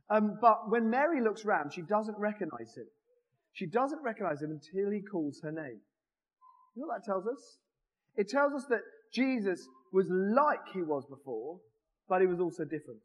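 A man giving a conversational, animated sermon in a church, joking with the congregation as he goes. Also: high voice. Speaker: preacher. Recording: reverberant church hall.

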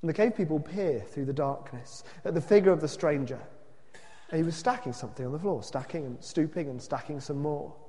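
Brief: preacher, fairly high and animated, expressive storytelling; long hall reverb. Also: male voice, a little fast. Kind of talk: sermon with a read-aloud story.

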